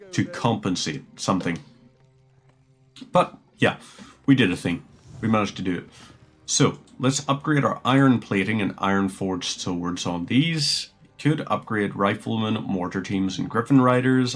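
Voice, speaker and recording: A man's voice: on the low side, creaky. A man streaming a strategy game, rambling chattily and musing aloud as he plays. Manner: rambling, chatty, muses aloud while playing. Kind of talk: casual gameplay commentary.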